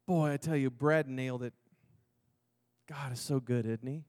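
A man preaching a testimony sermon, moving from hushed, slow moments to loud, excited storytelling. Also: mid-range voice, no echo, clean studio sound. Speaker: pastor.

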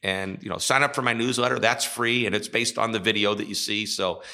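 A middle-aged man with a low-set voice that has a bright, forceful edge. He speaks as a chatty podcast guest in casual conversation, sharing stories and playing the parts in a joke. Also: fairly even intonation, fairly quick. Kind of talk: casual interview talk.

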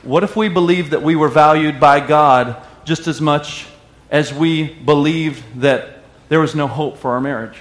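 A man preaching a sermon with lively call-and-response and bits of song. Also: on the high side. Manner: animated preaching with call-and-response and sung lines. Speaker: pastor. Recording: echoey room.

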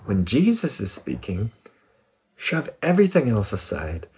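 A man giving a casual spiritual talk in an animated, playful way, often laughing. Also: on the low side, a little slow, breathy edge. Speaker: spiritual speaker.

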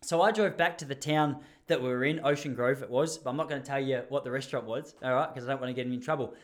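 A man's voice: medium pitch, fairly even intonation, quick pace. A young Australian man telling a rambling story in a casual monologue, chatty with lots of restarts.

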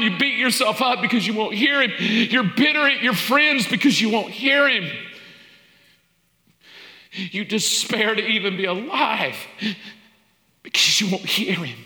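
A male pastor preaching in a large hall with long, echoing reverb. His voice sits high and bright, pressing through rising, repeated questions and falling back to near-whispers. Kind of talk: sermon. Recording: echoey hall.

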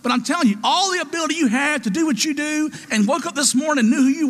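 A man's voice: extremely high pitch, fast talker, a bit bright, in a large hall. A man preaching a sermon, calling out to his congregation for responses in an emphatic, rousing way.

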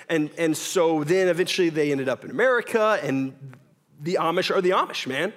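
A man's voice: high voice, expressive, a little fast. A young man preaching a sermon in a church, casual and joking, often asking "right?". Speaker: pastor. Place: church hall with audience.

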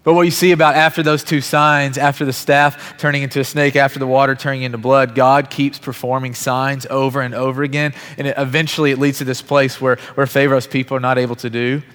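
A man's voice: medium pitch, level tone, fairly quick, hardly any pauses, fairly bright tone, clear, resonant tone. A man in his thirties, a pastor giving a sermon in an earnest, conversational storytelling way. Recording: long hall reverb.

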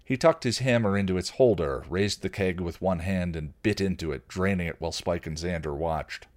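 A man who hosts a podcast, reading his novel aloud in an expressive, lively manner. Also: low voice, moderate pace.

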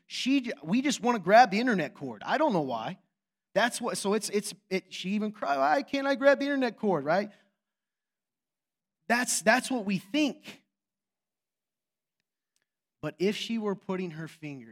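A man in his thirties preaching a sermon as pastor, telling a story with swings between hushed and loud delivery. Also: fairly high pitch.

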